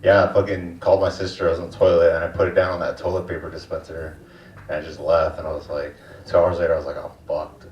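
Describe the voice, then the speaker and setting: A man's voice: sits low, little pitch movement, fast, a little hiss or hum. A young man doing a stand-up set, with a laid-back, crude, slangy delivery. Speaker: stand-up comedian. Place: comedy club stage. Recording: dull, distant, echoey club recording.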